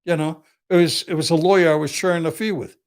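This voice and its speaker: An older defense attorney with a rough, gravelly voice sitting slightly higher than most men's. He tells blunt, profane stories in a tough-guy manner, acting out what people said to him. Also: steady tone, quick pace. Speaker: criminal defense attorney, guest. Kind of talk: casual storytelling.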